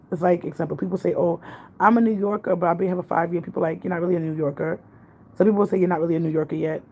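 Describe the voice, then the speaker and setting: A woman rambles through a casual livestream chat, reading out viewer comments as she goes. Her voice is dark and gravelly. Faint background noise hums under the recording. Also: fairly low pitch. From Jamaica. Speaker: vlogger. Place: apartment in the city.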